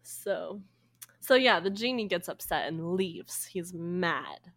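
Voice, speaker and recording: A woman's voice: on the low side, animated, fairly bright tone, dry recording. A young woman casually retelling a folk tale to a friend, laughing often and briefly voicing the characters. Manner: laughs often, acts out characters with quick voices. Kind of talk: casual storytelling chat.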